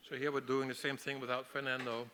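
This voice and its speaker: A man teaching a masterclass on storyboarding, explaining in a relaxed way with frequent restarts. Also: mid-range voice, fast, a little hiss or hum. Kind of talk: lecture on storyboarding.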